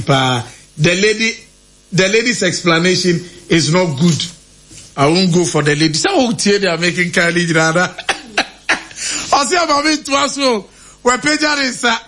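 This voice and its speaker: A man's voice: high-pitched, a bit bright. A man on the radio reading out listener comments, laughing often in casual chat. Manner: reads out names and quotes, laughing often.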